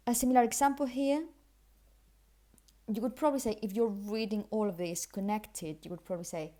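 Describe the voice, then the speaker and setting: A woman giving a pronunciation lesson, with a mellow, warm voice. She explains patiently and says each example sentence twice, first carefully and then softly and loosely, the way it sounds in connected speech. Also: medium pitch. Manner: models example sentences slowly, then repeats them relaxed and weak. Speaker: English pronunciation teacher.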